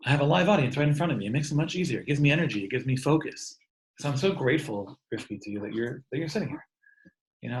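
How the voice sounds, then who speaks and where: A man's voice: mid-range voice, creaky, rough recording. Earnest man giving an online talk. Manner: earnest, often repeats words. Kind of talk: warm inspirational talk to an online audience. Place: home, speaking over a video call. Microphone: video call.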